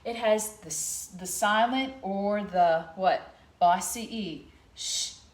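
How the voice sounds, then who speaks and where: A middle-aged woman leads a children's phonics lesson from her home, recorded on a laptop camera. She speaks slowly and patiently, sounding out each letter with care at a medium pitch. The room gives her voice a noticeable echo. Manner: slow, clear, sounding out letters. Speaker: teacher.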